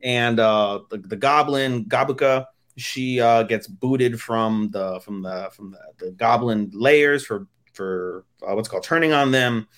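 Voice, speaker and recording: A man's voice: mid-range voice, measured pace, hardly any pauses, a bit bright. A man co-hosting a podcast, giving crude, rambling episode recaps full of fillers. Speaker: podcast co-host. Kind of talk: casual chat.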